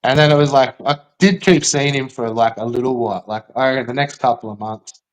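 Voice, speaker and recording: A man's voice: medium pitch, brisk, low-quality recording. A man telling a rambling, swear-filled story in casual chat, with lots of fillers.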